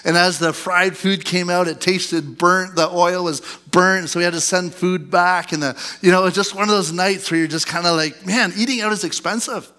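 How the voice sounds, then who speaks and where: Bright-voiced conversational male pastor preaching. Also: high voice, fairly even intonation, normal speed, few pauses, clean tone. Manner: conversational storytelling preacher, asks the congregation questions. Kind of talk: sermon.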